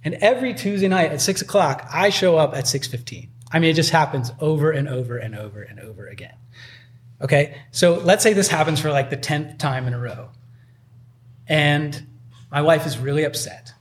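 A pastor with a fairly high voice preaches a sermon at a moderate pace. His delivery is loose and conversational, packed with filler words like "like."

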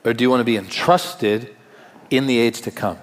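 A man's voice: medium pitch, normal speed. Man preaching in a reverberant hall. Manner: conversational preaching with rhetorical questions and humor. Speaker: pastor. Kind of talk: sermon.

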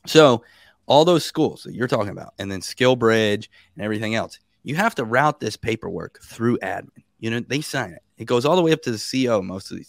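A man in his thirties, a guest on a podcast, telling stories in a casual and animated way, laughing and acting out what people said. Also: medium pitch, fairly quick, vocal fry, no echo.

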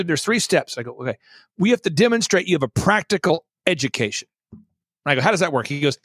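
A man with a high voice that swings widely up and down tells a story as a show guest. He talks in an emphatic, theatrical way and hammers points home with repetition. The sound is close and dry. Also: very animated, fast talker, fairly bright tone, breathy edge, no echo. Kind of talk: animated storytelling on a talk show.

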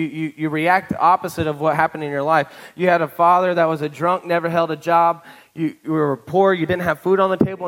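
A pastor delivers a sermon in a conversational manner, often checking in with the congregation by asking "right?" and repeating words when he restarts a thought. His voice is a little high and somewhat bright, and the recording quality is low.

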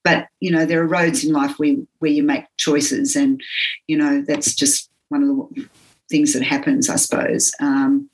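Low-voiced Australian woman, earnest. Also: little pitch movement, a little mellow, rough recording. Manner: earnest, halting, many pauses. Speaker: interviewee, physiotherapy teacher. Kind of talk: reflective interview talk.

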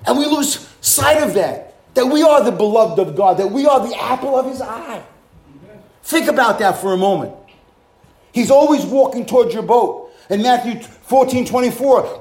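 This sermon comes from a male pastor whose high voice carries fervently through a large, reverberant hall. Animated and speaking at normal speed with a darkish tone, he punctuates his points with hallelujahs and poses rhetorical questions to the congregation.

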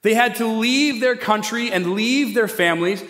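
A man preaching a sermon as pastor, retelling a story in a casual, conversational way with quick asides. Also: high-pitched, fairly bright tone. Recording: echoey hall with long reverb.

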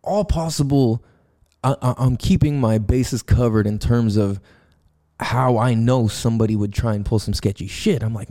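A male podcast host talking in a casual, loose monologue with plenty of swearing and restarts. His voice is dark and mellow, and he acts out noises and his own reactions when he tells a story. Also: mid-range voice, moderate pace. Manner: loose and profane, with lots of fillers and restarts; animated storytelling, acts out sounds and his own quoted thoughts.

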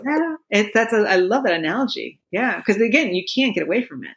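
A woman's voice: mid-range voice, very animated, a little fast, a bit bright. A middle-aged woman explaining mindfulness in a casual conversation, laughing often and filling her talk with "you know". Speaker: meditation expert guest.

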